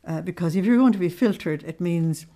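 Low-voiced woman teaching scripture. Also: mellow. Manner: measured, explaining with plain everyday examples. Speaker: religious teacher. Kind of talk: spiritual teaching to a small group.

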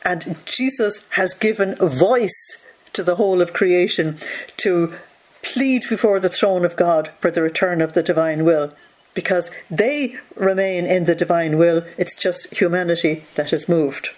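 Earnest teacher reading a devotional text aloud. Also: medium pitch. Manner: reads passages slowly, then explains with rhetorical asides.

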